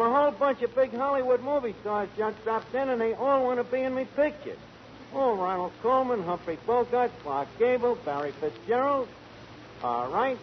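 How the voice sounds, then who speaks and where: A man playing a brash, scheming bar manager who wisecracks and mangles his grammar, in 1940s radio comedy. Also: extremely high pitch. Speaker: tavern manager. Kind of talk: 1940s radio sitcom acting. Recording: dull lo-fi 1940s radio broadcast with hiss.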